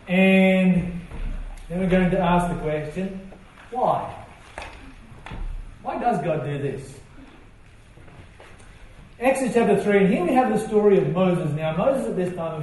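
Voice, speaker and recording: Preacher in an echoey hall. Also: male voice, sits high, a little mellow. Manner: conversational, asks the listeners rhetorical questions. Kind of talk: sermon. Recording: echoey room from far off.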